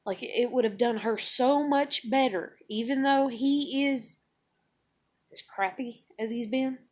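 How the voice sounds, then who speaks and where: A woman venting in a personal vlog, blunt and emotional, swearing often as she talks about her life. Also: takes it slowly. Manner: acts out others in higher excited voices. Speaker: vlogger.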